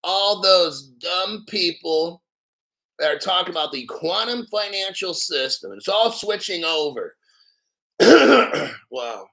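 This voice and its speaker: A man hosting a crypto show, ranting in crude, profane, sarcastic commentary and reading articles aloud slowly. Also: high-pitched, expressive, gravelly, pushed and bright, low-quality recording. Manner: reads articles aloud slowly, mocks others in silly voices.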